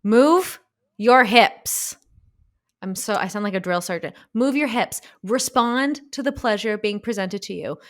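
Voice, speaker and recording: A woman's voice: medium pitch, moderate pace, hardly any pauses. A woman co-hosting a podcast in casual chat, rambling, laughing and poking fun at herself. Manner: rambling, laughing, self-mocking. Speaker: podcast co-host.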